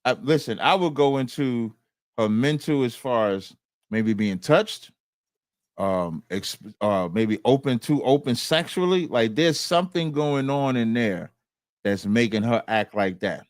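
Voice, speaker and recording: A man's voice: medium pitch, animated, unhurried, no room sound, clean studio sound. A man co-hosting a casual commentary chat, emphatic and preachy with slangy phrasing. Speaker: co-host.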